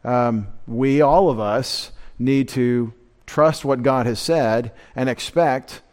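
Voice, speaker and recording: Halting, thoughtful male Bible teacher. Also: mid-range voice, darkish tone. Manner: halting, many fillers and restarts, explanatory; unpolished Greek pronunciation, self-deprecating asides. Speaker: pastor.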